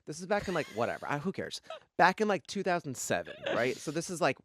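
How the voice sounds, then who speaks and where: A man co-hosting a podcast in a studio, an animated storyteller who acts out other people's lines in casual chat. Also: a little high, fast talker, no room sound. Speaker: podcast co-host.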